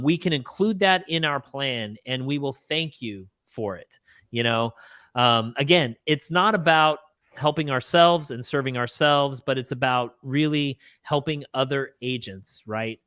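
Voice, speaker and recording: A man's voice: mid-range voice, fairly bright tone, dry recording, studio quality. A man co-hosting a live real estate talk show, earnestly thanking listeners and encouraging them to send feedback. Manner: earnest, encouraging, addresses listeners as folks and guys. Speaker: real estate podcast co-host. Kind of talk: casual business chat, show wrap-up.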